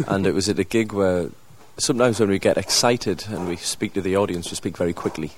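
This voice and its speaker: A man with a Mackem northeast English accent, a band member telling stories in an interview in a halting way. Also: deep voice, slight background noise. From northeast England. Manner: halting, anecdotal, with fillers. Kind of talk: casual interview chat.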